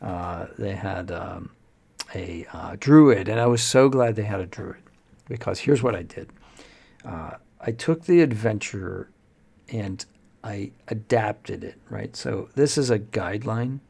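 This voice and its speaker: A man who runs tabletop games, explaining in a rambling, halting way with plenty of fillers. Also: lowish voice, animated, creaky, a little mellow, breathy edge. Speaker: dungeon master. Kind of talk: casual explanatory talk.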